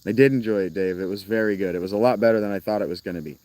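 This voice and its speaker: A man's voice: fairly low pitch, very fast, darkish tone, no room sound. Man, casual streamer, rambling, self-interrupting, outdoors, crickets in background. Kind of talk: casual live-stream chat.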